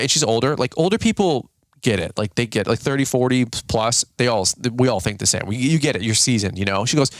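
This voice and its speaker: A man in his thirties hosts a relaxed podcast, rambling through stories with frequent laughter. His voice sits at an ordinary pitch and is recorded close and dry, with no room sound. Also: fast talker, no room sound. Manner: joking, rambling, laughs often. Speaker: podcast host. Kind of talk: casual chat.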